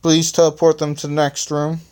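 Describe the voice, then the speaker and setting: Electronic is a wisecracking team leader in a homemade story reading, as the reader puts him on, sounding smooth and clear. He talks fast and trips over his words before setting them right. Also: medium pitch, completely flat delivery, darkish tone, lightly acted.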